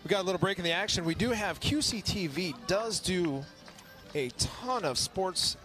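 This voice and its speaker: Lively man co-hosting a parade broadcast. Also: sits high, moderate pace, faint music behind. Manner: upbeat, bantering. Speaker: parade co-commentator. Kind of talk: live local TV parade commentary. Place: outdoors at a street parade.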